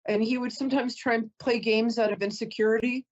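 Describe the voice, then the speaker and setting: A woman's voice: a little high, fairly even intonation, brisk, dull audio. A woman giving a live call-in psychic reading, chatty and emotional, often breaking off to apologize. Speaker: psychic reader.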